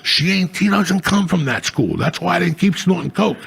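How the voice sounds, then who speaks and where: Gravelly, profane middle-aged man. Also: high-pitched, moderate pace. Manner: profane, rambling, animated. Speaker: podcast host. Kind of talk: crude casual storytelling.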